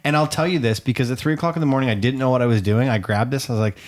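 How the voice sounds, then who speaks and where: A man's voice: medium pitch, very fast. A man co-hosting a casual couple's podcast, answering his partner with dry, defensive retorts. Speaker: podcast co-host.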